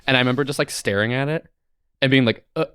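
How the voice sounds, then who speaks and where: A man's voice: mid-range voice, fast talker, fairly bright tone, clear, resonant tone, no room sound, clean studio sound. A young man in his twenties co-hosting a podcast, telling a long rambling story in casual chat, full of "like" and swearing. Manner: rambling storyteller, heavy use of "like", swears freely. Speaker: podcast co-host.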